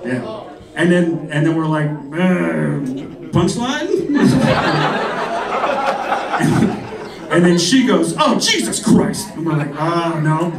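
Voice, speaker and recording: Rambling stand-up comic in an echoey club. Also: male voice, fairly high pitch, animated, extremely slow, gravelly, long pauses. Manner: rambling storytelling with frequent laughs and mimicked voices. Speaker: stand-up comedian. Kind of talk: stand-up set. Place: comedy club stage. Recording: echoey club, mic heard from a distance, crowd laughter. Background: audience laughter.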